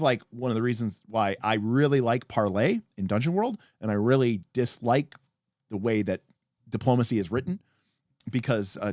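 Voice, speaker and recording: A man hosting a livestream, explaining tabletop game rules in an animated, emphatic casual way with some profanity. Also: medium pitch, dry recording, studio quality. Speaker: podcast host. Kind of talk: livestream talk about tabletop games.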